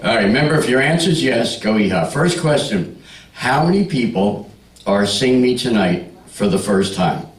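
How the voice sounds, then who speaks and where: A man's voice: mid-range voice, animated, moderate pace, echoey room, far from the mic, poor audio. A man doing stand-up comedy on a club stage, teasing the audience with brash, bawdy crowd work.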